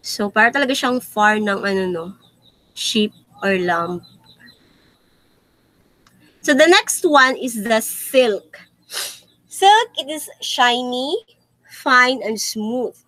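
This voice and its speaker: Young Filipino woman, Filipino accent, teaching a class; unhurried, bright, dry close sound. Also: a little high, expressive, no echo, rough recording. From Philippines. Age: young adult. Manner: switches between English and Tagalog, frequent fillers. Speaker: student teacher presenting a lesson. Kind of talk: classroom lesson presentation.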